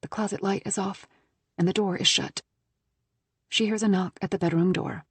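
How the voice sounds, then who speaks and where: Role: audiobook narrator. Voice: husky woman, mid pitch. Style: tense, measured thriller reading. Sound: dry, close mic. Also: steady tone, no room sound.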